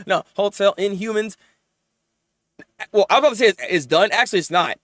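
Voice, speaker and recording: A man reviewing anime episodes in casual, animated chat, venting and rambling as he goes. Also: sits high, dry recording, studio quality. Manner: animated, rambling, quick to vent.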